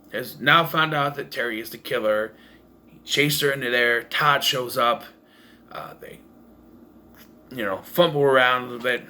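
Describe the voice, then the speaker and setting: A man's bright, forceful, mid-range voice carries a homemade movie review shot on a camera balanced atop cases taped together in a room of his house. He's casual and blunt, rambling, cursing, and often starting over.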